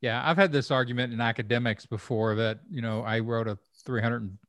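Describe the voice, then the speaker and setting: A man's voice: mid-range voice, fairly even intonation, fairly quick, a bit bright, no echo. Chatty man with a dry close sound. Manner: rambling, repeats words, thinks aloud. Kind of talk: conversational interview.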